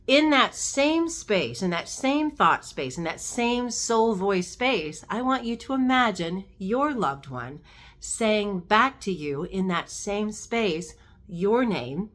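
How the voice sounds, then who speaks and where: Woman softly guiding a meditation. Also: mid-range voice, very animated. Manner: gentle, coaxing, with slow drawn-out counts. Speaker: spiritual guide. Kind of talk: guided meditation exercise.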